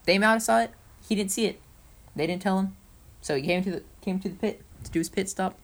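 A woman's voice: medium pitch, quick pace. A young woman co-hosting a casual podcast, chatty and joking as she recaps a race. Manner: chatty and playful, jokes often. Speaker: podcast co-host. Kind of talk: casual chat about motor racing.

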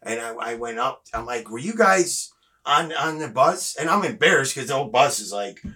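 A man's voice: medium pitch, normal speed. A man telling a rambling, profane work story in casual podcast chat, acting out the people in it. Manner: animated, swears freely, acts out dialogue. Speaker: guest.

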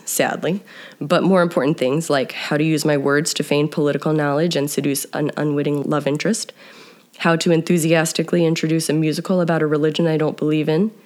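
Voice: medium pitch, steady tone, fairly quick, darkish tone. A narrator from New Jersey reading a personal essay in a wry, self-deprecating storytelling manner.

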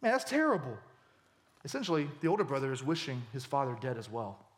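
A male pastor preaching a sermon with animated emphasis, his voice climbing for key points. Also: fast. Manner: animated, voice rising high for emphasis.

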